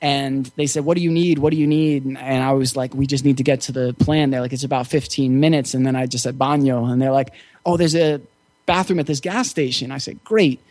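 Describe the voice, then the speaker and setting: A man as an interview guest, telling a personal story in a relaxed, reflective way with frequent fillers. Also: mid-range voice, brisk, dry recording. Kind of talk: casual storytelling.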